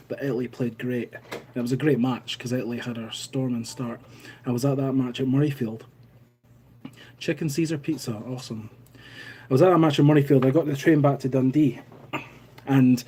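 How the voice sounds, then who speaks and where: A man's voice: medium pitch, mellow, slightly rough. A Scottish man hosting a casual live stream, telling a story and reading out viewer comments in a chatty way. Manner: chatty storytelling, laughs at own anecdote.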